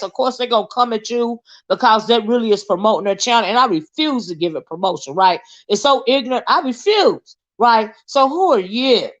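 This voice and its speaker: A woman's voice: a little high, fairly bright tone, muffled recording. A middle-aged woman with a Southern American accent, delivering a blunt, confrontational commentary monologue full of "right?" tag questions. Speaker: online commentary host.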